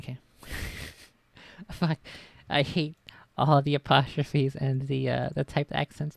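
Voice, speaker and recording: A woman streamer reading a novel aloud and chatting casually, self-critical and quick to swear. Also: very deep voice, flat delivery, creaky, dry recording.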